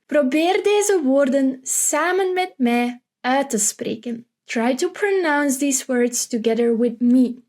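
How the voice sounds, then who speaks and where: A woman teaching vocabulary, repeating each word slowly and carefully for learners. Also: sits high, darkish tone. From Belgium. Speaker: Dutch language teacher. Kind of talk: vocabulary lesson, slow and careful.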